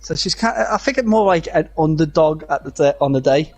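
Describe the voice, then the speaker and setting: A man giving casual live commentary on an online racing league, chatty and halting with many fillers. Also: fairly high pitch, expressive.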